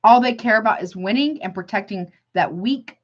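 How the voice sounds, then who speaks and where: A woman's voice: medium pitch, normal speed, muffled recording. A woman giving a casual tarot reading, blunt and emphatic, often exclaiming and calling the listener honey. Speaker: tarot reader.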